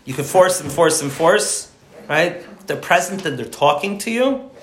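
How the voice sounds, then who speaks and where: Speaking at a measured pace, this man has a fairly high, expressive, fairly bright voice as he teaches a study group indoors. His informal lecture rambles, he is emphatic, and he keeps starting his sentences over. The recording carries room echo.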